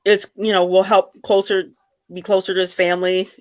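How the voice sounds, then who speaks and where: A middle-aged woman hosting a casual video chat with fans, talking in an animated way with many restarts. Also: mid-range voice, moderate pace. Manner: chatty, animated, frequent restarts. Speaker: host of fan discussion chat.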